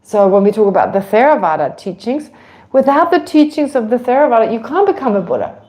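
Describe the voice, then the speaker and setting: A woman teaching a Buddhist class in a relaxed, conversational way, with many asides, restarts and light laughter. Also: a little high, fairly quick. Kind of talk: relaxed online dharma class.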